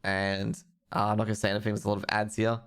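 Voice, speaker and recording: A man's voice: on the low side, completely flat delivery, fast talker, a bit bright, clean tone. A young man hosting a live stream, ranting with heavy profanity about esports news. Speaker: streamer host.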